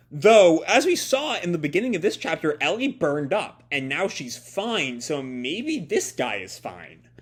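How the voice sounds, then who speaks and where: A man reading a comic aloud and reacting to it in casual, rambling chat full of fillers and laughs. His voice is slightly high and very animated in pitch. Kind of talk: casual live reading and commentary.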